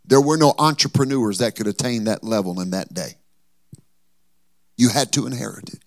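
Gravelly-voiced male pastor preaching. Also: medium pitch, moderate pace, no echo, studio quality. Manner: preaching with lively acted-out quotes and humor. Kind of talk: sermon.

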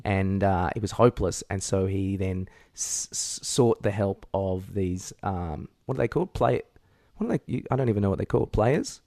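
Halting low-voiced man, dry sound. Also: animated, mellow, no echo. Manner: halting, many restarts and fillers, chuckles. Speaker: podcast co-host. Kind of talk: casual chat.

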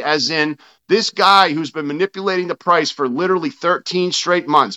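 A man's voice: on the high side, bright, forceful tone, lo-fi sound. A man speaking as a podcast guest, telling a story bluntly, swearing freely and quoting his own past arguments. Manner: blunt and profane, retelling arguments in his own quoted words. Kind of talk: casual interview storytelling.

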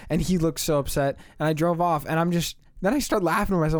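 A young man, a college student, hosting a podcast and telling stories in an animated, casual way. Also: fast, hardly any pauses, no echo. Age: young adult. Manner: animated storytelling, rising pitch when excited. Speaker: podcast host.

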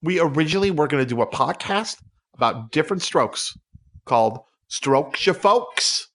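Lively, playful comic podcast man. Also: fairly high pitch, moderate pace. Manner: playful, mock-serious announcer bits. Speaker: podcast co-host. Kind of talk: comedic podcast banter.

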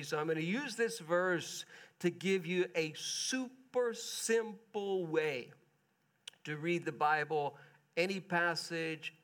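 A man preaching a sermon in a relaxed, conversational way, asking his listeners questions as he goes. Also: fairly high pitch. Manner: conversational, chatty with the congregation, asks them questions. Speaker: pastor.

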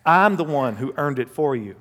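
A male pastor preaching a sermon and telling a personal story, animated, swinging between loud bursts and hushed asides. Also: mid-range voice, normal speed. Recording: long hall reverb.

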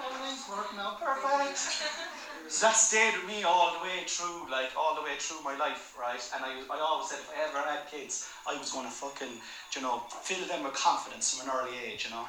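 A man's voice: on the high side, brisk. An Irish man in his thirties doing stand-up comedy, telling a story with lots of swearing. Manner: swearing, storytelling, laughing audience asides. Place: live comedy venue. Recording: roomy live room, loud background noise.

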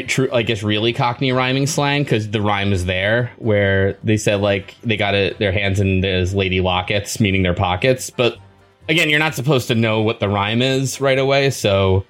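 A man co-hosting a podcast in casual chat, rambling with lots of fillers and restarts. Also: on the low side. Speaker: podcast co-host.

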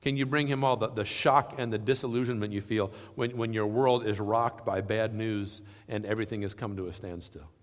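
A man pastor giving a sermon, earnest and questioning, often sinking to soft, low passages. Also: fairly even intonation, fairly quick, hardly any pauses. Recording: long hall reverb.

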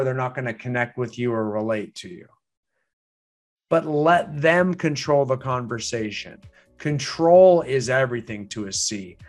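A man teaching real estate agents in a training lecture, emphatic and full of rhetorical questions, repeating his key points. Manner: swings pitch up and down for emphasis.

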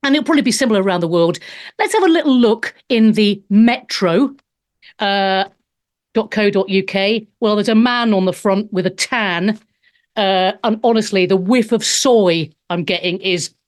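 A woman's voice: medium pitch, lively intonation, moderate pace. A woman in her fifties, a stand-up comedian hosting a show, sarcastically reading out and mocking news headlines, swearing freely. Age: 50s. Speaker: host.

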